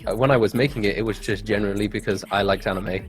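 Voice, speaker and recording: A man's voice: lowish voice, fairly even intonation, fast. Chill young english guy rambling through an interview, english accent, bit of music behind. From England. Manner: laid-back, rambling, lots of ums. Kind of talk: casual interview chat.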